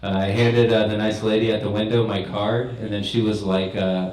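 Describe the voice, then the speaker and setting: A man's voice: fairly low pitch, flat delivery, normal speed, darkish tone, roomy sound, low-quality recording. A young man doing a stand-up set in a comedy club, telling stories in a laid-back, rambling way. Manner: laid-back stoner storytelling.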